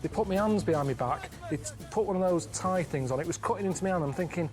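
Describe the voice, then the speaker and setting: A man around forty telling rambling stories in a deadpan way during a casual studio chat. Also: sits high, fast talker, soft background music. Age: 40s. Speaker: guest.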